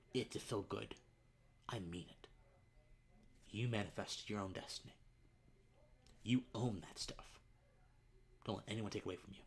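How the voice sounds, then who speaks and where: Slight background noise accompanies a young political streamer with a fairly low voice giving a heartfelt live-stream monologue. He speaks earnestly but haltingly, repeating himself and lowering to near-whispers.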